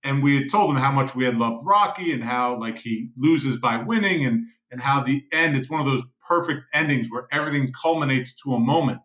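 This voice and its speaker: A man who co-created the series, telling a story earnestly in an interview with halting restarts. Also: mid-range voice, a bit bright. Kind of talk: casual interview chat. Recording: echoey room.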